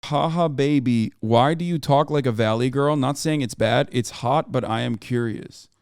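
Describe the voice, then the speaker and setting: A man's voice: mid-range voice, normal speed, darkish tone, smooth, no echo, studio quality. A man in his thirties giving casual, profane live-stream commentary on the news and reacting to his chat. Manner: brash, profane, riffing on chat.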